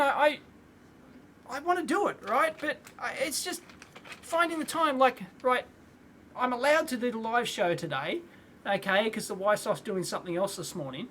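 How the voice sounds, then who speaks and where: Man, thirties, live-stream host, casual and rambling, clears throat a lot, faint room noise behind. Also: very high-pitched, fairly bright tone. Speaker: electronics video host.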